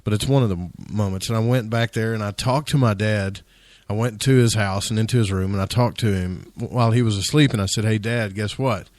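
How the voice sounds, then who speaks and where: A man's voice: lowish voice, a little fast, darkish tone, no room sound. A man hosting a radio talk show, chatty and telling his own story, often asking "right?". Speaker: radio host. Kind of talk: casual radio interview.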